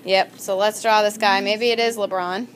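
A woman's voice: medium pitch, fairly even intonation, moderate pace, slight background noise. A woman teaching a vocabulary lesson in a classroom, upbeat and calling on students by name.

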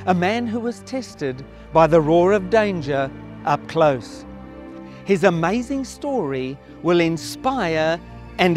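Dramatic male narrator over music. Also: on the high side. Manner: dramatic rhetorical questions. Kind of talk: scripted narration.

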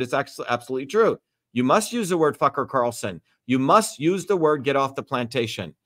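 Man, livestream host, higher pitch, blunt, lecturing, swears freely. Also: fairly bright tone. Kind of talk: livestream Q&A talk.

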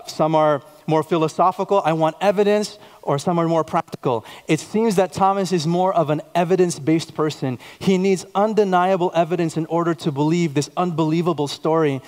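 A man's voice: fairly high pitch, a little mellow. A man in his thirties preaching a sermon, telling personal stories and posing repeated questions to the congregation. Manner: storytelling, repeats words, emphatic questions. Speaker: pastor. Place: church sanctuary. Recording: long reverb of a church hall.

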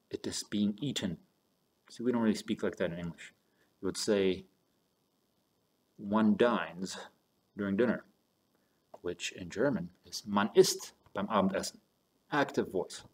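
A man teaching a German lesson, explaining step by step and spelling words out as he moves between German and English. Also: on the low side. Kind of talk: recorded online lesson. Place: home office with a squeaky chair.

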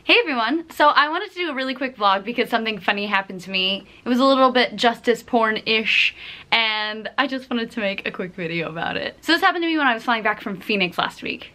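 A young adult woman telling a story in a casual vlog, animated and sarcastic, swearing freely. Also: fairly high pitch. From from Texas. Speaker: vlogger.

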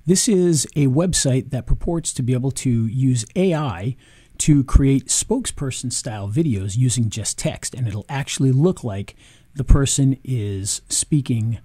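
Man, casual product review, ums and restarts, mellow tone, dry close sound. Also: mid-range voice, lively intonation, unhurried, husky, dry recording. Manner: chatty, with frequent ums and restarts. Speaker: video marketing reviewer.

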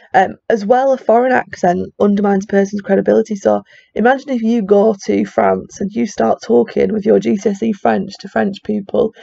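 A woman's voice: mid-range voice, gravelly, dark tone, husky, no room sound. A woman with a strong regional English accent gives a chatty classroom lecture, full of fillers and casual asides. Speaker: psychology teacher. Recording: dull, dry lo-fi recording.

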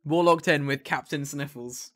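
A man's voice: a little high, normal speed, a bit bright. A male streamer joking crudely and rambling while playing a game with a friend. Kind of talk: casual gaming banter with a friend.

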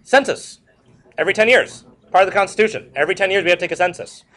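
A man's voice: sits high, fast talker. A man teaching a history lecture to a class, repeating key points and joking with students. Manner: repetitive, animated, joking asides to students.

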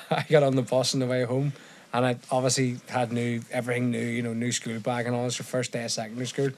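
A man's voice: mid-range voice, flat delivery, fast talker, a little hiss or hum. A man hosting a casual podcast, chatting loosely with slang and laughing along with his guest. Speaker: podcast host.

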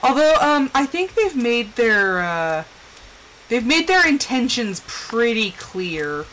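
A woman streamer with a slightly high voice rambles through casual gameplay chat. She talks to herself and leans on fillers. A faint hiss sits under her voice. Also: big pitch swings, slow, fairly bright tone, poor audio. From Southwestern United States.

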